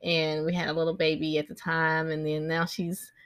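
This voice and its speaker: A mother in her thirties records a podcast vlog, chatting casually and rambling about family life, breaking off now and then to direct her kids. Her low voice is completely flat at a moderate pace, with a fairly bright tone and no echo.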